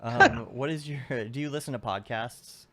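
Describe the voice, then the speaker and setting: A man's voice: medium pitch, moderate pace, pushed and bright. A man hosting a podcast in casual interview chat, rambling and trailing off as he searches for his thoughts. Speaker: podcast host.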